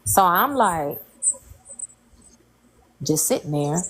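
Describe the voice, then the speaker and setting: Candid woman with a lowish voice. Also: lively intonation, drawn-out words, a bit bright, slightly rough, low-quality recording. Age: 30s. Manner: candid, colloquial, emotional storytelling. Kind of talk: casual chat, personal story.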